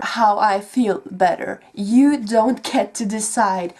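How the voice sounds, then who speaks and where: Woman vlogging slowly, defiant and blunt, sighs a lot. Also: medium pitch, darkish tone. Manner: defiant, slow, with sighs and swearing. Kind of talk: played vlog clip.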